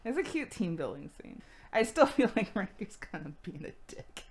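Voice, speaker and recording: A woman's voice: mid-range voice, moderate pace, husky. A woman co-hosting a podcast, recapping casually with lots of swearing and laughter. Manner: profane, animated, acts out characters with laughs. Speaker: podcast co-host.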